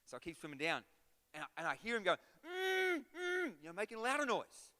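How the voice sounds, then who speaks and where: Man, guest pastor, sermon, very bright tense voice, smooth and resonant, long church-hall reverb. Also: a little high, racing. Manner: animated storytelling, builds to loud rhythmic exhortation. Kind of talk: sermon with storytelling. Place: church auditorium.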